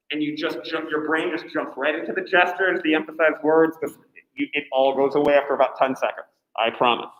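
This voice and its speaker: A man's voice: fairly high pitch, fairly bright tone, echoey room, rough recording. A man teaching a class, giving chatty, encouraging instructions with lots of fillers.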